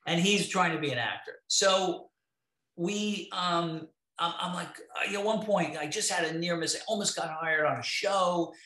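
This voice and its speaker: Man, interview guest, bright voice, a bit high, swears a lot, animated storyteller, echoey room. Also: normal speed. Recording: roomy echo.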